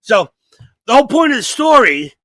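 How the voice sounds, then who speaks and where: A man co-hosting a comedy podcast, telling profane stories in a casual, animated way and acting out the people in them. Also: very high-pitched, moderate pace, no echo. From New York area. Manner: profane, animated storyteller who acts out quotes. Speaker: podcast co-host.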